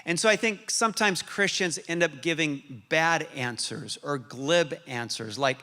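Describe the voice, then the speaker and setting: Bright-voiced male pastor in a hall. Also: on the high side, unhurried. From Arizona, USA. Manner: humorous, then earnest and quiet. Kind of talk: sermon. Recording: reverberant hall.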